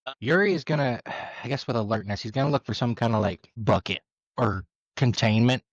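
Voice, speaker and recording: Man, tabletop player, casual chatter, mid pitch, dry sound. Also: fairly quick, no echo, highs cut off. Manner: casual, filler-heavy, thinking aloud. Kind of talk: playing a character in a tabletop game.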